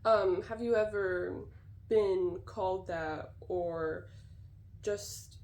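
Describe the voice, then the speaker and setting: Young female student interviewer, deliberate, hesitant phrasing, echoey room. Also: mid-range voice, a little mellow. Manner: slow, careful questioning with fillers. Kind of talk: oral history interview questions. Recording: roomy echo.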